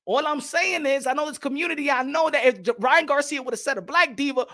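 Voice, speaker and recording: A man rants casually, loose and profane, stumbling and restarting as he goes. His voice sits high and sounds bright and forceful. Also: fast talker, few pauses. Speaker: boxing podcast host. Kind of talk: casual rant.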